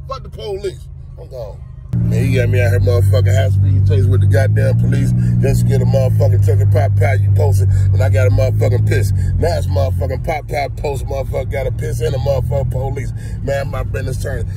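A young man ranting loudly and comically, swearing and exasperated, talking from outdoors and in a car. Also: mid-range voice, a little fast, over music. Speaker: comedian. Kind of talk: profane comedic rant.

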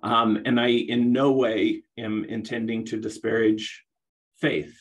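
A middle-aged man giving a conference presentation on rehabilitation, talking in a halting way with many restarts. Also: medium pitch, little pitch movement, low-quality recording. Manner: hesitant, many restarts and fillers.

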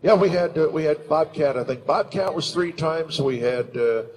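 An older man on a convention panel, animated and storytelling, who drops into announcer and character voices. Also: fairly high pitch, normal speed, a little hiss or hum, rough recording. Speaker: voice actor and panel guest. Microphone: handheld microphone.

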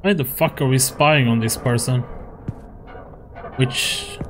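A gaming YouTuber plays through a horror game and narrates as he goes, cursing frequently and laughing at how frustrated he gets. He speaks slowly at a medium pitch, and there's a lot of background noise in this let's play commentary.

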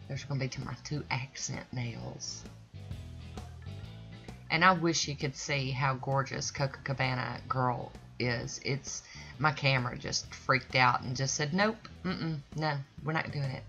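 A woman's very deep, gravelly voice comes across a bit bright as she narrates a tutorial for her own nail art channel. She's chatty and folksy, rambling and sometimes losing her thread. The audio is dull and lo-fi, with faint music playing.

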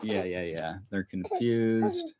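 A man's voice: lowish voice, wildly swooping pitch, slow pace, very noisy. A man hosting a casual unboxing vlog, chatting and laughing often as he opens parcels. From United States. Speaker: vlog host. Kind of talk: casual chat while unboxing.

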